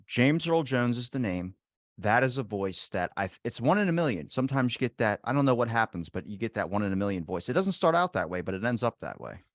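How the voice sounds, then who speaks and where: Lively-sounding man hosting a podcast. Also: medium pitch, a little fast, no room sound, studio quality. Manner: animated, chatty, laughs often. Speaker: podcast host. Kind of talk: casual chat.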